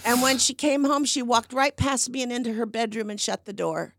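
A woman's voice: fairly high pitch, fairly even intonation, a little fast, a bit bright, no room sound, clean studio sound. A woman in her seventies, an actress guesting on a podcast, telling stories animatedly and acting out the people she quotes. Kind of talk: storytelling in a conversation.

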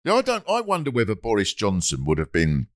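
British comedy podcast host, middle-aged man; lively, sweary rambles, dry recording. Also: fairly low pitch, fast talker, no room sound. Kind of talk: casual chat.

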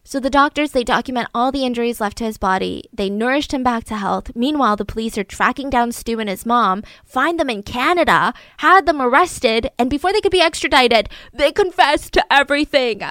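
A woman casually retelling a true crime story, animated, acting out the people she quotes. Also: a little fast, hardly any pauses, dry recording. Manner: animated, acts out quotes with raised pitch and volume.

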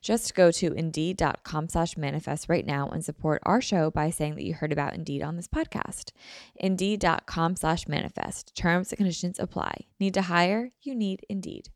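A woman's voice: fairly low pitch, moderate pace, dry recording, studio quality. A young woman hosting a casual chat podcast from her apartment, rambling and chatty with a morning voice. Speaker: podcast host.

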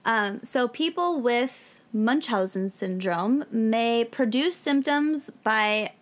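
A woman's voice: fairly high pitch, animated, slow pace. A woman co-hosting a casual podcast, explaining the topic plainly with dry humor. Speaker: podcast co-host.

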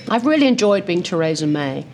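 A woman's voice: lowish voice, fairly quick, a little hiss or hum. A woman guest talking animatedly over lunch in a restaurant, telling stories and slipping into impressions. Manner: lively storyteller who slips into impressions. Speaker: interview guest.

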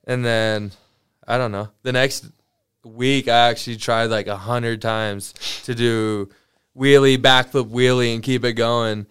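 A young man, a motocross rider and podcast guest, talking in a quiet, low-key, mumbling way. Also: level tone, a little slow, clear, resonant tone. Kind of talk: casual podcast chat.

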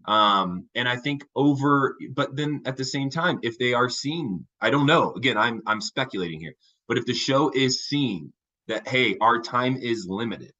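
A man co-hosting a casual podcast chat, talking in a thoughtful, measured way with frequent fillers and restarts. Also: mid-range voice, expressive, bright, forceful tone, lo-fi sound. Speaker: podcast co-host.

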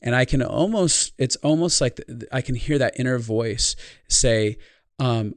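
A man's voice: mid-range voice, fairly even intonation, normal speed, smooth, no room sound, studio quality. A man who works as a speaker and life consultant, talking in a podcast conversation, telling a personal story in an earnest, reflective way.

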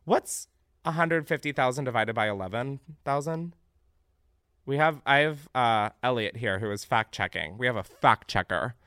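A man hosting a comedic podcast, reacting loudly to what he reads, swearing freely and laughing often. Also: medium pitch, normal speed, no echo, clean studio sound. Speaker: podcast host.

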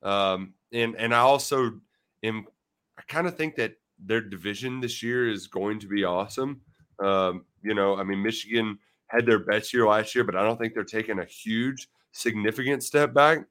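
A man's voice: lowish voice, normal speed, fairly bright tone. A man co-hosting a sports podcast in a playful, self-mocking way, tripping over restarts as he gives his take. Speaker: podcast co-host. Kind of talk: casual sports betting chat.

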